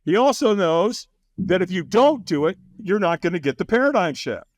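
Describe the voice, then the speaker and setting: A man's voice: high voice, moderate pace, no echo, clean studio sound. A man talking as a podcast guest, telling a story with energy, laughing often and acting out what other people said. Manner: animated, acts out quoted voices, laughs often. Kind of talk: storytelling in a conversation.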